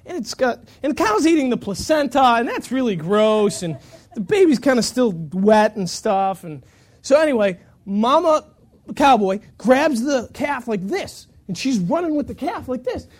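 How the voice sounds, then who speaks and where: A pastor telling a long, self-mocking story during a sermon, acting out the quotes with lots of energy. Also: male voice, very high-pitched, big pitch swings, moderate pace.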